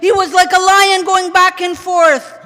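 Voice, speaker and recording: A man preaching an impassioned mourning sermon in a large mosque hall, often shouting and chanting Arabic lines. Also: extremely high pitch, level tone, measured pace. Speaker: sheikh. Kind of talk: Ashura majlis sermon. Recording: long hall reverb.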